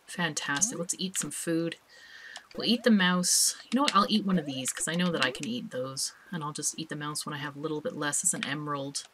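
A woman's voice: low-pitched, fairly quick, background noise. A woman hosting a let's play, chatting casually and thinking aloud as she plays, with small laughs. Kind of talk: casual gameplay commentary.

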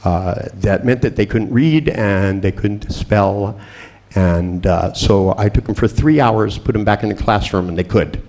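A man's voice: lowish voice, unhurried, darkish tone. A man giving a seminar talk as a hypnotist, telling anecdotes with wry, boastful humor and frequent chuckles. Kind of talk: anecdotal storytelling lecture.

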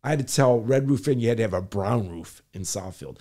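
A man's voice: fairly low pitch, expressive, brisk, mellow. An older man, a former city planner, telling a long story in an interview and acting out the people he quotes.

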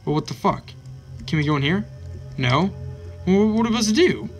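A man hosting a let's play of a horror game, excitable and swearing constantly, yelping at scares. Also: high voice, fairly quick, faint music behind. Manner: excitable, swears constantly, yelps when startled. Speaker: gaming channel host.

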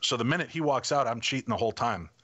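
A middle-aged man telling stories as a guest in a casual interview, animated and acting out the people in them. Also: mid-range voice, fast talker.

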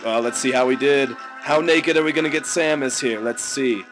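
A man with a sick, hoarse voice, making crude jokes as he talks over a video game. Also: mid-range voice, normal speed, faint music behind. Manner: joking, crude and excitable. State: hoarse from illness. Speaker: let's player. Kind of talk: casual gameplay commentary. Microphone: desk microphone.

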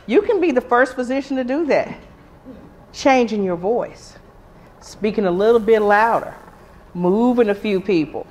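Nurse lady giving a fired-up talk at a conference, kinda high voice, keeps hammering the same point. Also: a little mellow. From Arkansas, US. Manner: emphatic, rallying, preacher-like repetition. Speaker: pediatric nurse speaker. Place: conference room.

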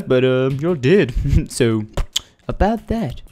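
A man's voice: mid-range voice, big pitch swings, slow, a little mellow. Playful young man, gaming commentary. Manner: playful, theatrical outbursts and mock singing. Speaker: gaming video host. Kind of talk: Minecraft let's play commentary.

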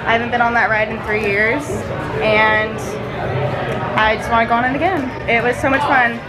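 A woman's voice: fairly high pitch, moderate pace, loud music behind the voice, low-quality recording. Gushing young woman vlogging in a crowd. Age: young adult. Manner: gushing, excitable. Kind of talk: casual vlog. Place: theme park outdoors.

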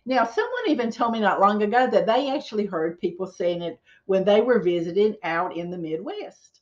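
Folksy Southern woman, lively voice. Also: mid-range voice, moderate pace, muffled recording. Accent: Southern US, North Carolina. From southeastern North Carolina. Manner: folksy, chatty, playful asides. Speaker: real estate agent. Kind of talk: casual direct-to-camera vlog.

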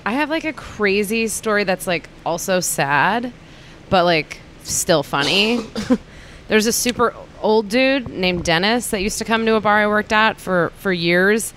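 A woman, a comedian and bartender, telling an anecdote in relaxed podcast chat with laughing asides. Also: mid-range voice, unhurried, a little hiss or hum. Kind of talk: casual podcast storytelling.

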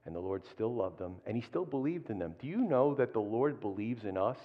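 Conversational pastor preaching in a reverberant hall. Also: male voice, medium pitch, a little fast. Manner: conversational, tag questions, animated asides. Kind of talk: sermon. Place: church hall. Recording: dull sound with long hall reverb.

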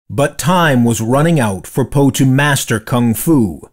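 A man reading a children's storybook aloud with expressive, dramatic storytelling. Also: medium pitch, unhurried, hardly any pauses. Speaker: storybook reader. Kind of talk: read-aloud storybook narration.

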